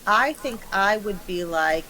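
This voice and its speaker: A woman's voice: medium pitch, expressive, unhurried, pushed and bright, slight background noise, poor audio. A woman co-hosting a casual conversation, chatty and teasing, asking lots of questions. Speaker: podcast co-host.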